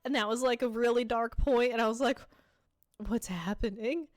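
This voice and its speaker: A woman co-hosting a podcast recaps a sitcom in casual chat, speaking fast in a slightly high voice. She tells the story animatedly, acting out quoted lines and using "like" as filler a lot.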